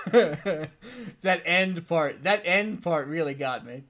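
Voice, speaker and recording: A man hosting a casual online show, relaxed and chuckling, with lots of fillers. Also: fairly high pitch, very slow. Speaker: show host. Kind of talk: casual chat on a stream.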